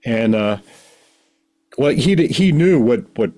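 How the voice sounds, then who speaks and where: A middle-aged podcast guest tells a long personal story in casual fashion, rambling and animated, acting out the voices of the people involved. His voice is mid-range and slow.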